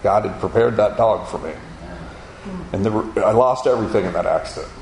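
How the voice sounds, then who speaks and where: A man's voice: lowish voice, fairly quick, darkish tone, reverberant, slight background noise, rough recording. A man giving a spoken testimony to an audience, telling his story vividly and acting out the voices of the people in it. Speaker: speaker giving a personal testimony.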